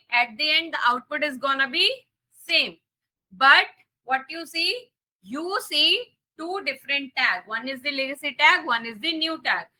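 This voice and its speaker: Over a rough recording, a woman with an Indian English accent teaches live coding in a high, bright, forceful voice. As the instructor, she repeats important points and checks on her students' understanding.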